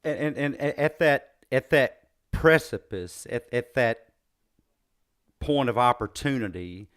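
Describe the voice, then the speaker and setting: A man's voice: mid-range voice, animated, measured pace, fairly bright tone, clear, resonant tone. A man with a Southern US accent hosting an interview, often hesitating and restarting his phrases. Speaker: podcast host. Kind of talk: interview conversation.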